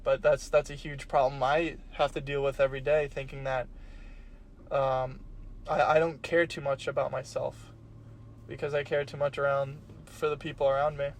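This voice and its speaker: A man's voice: medium pitch, level tone, moderate pace, slight background noise. A young man in his early twenties on a casual podcast, stating opinions bluntly and swearing freely. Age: young adult. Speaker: podcast co-host. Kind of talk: casual chat.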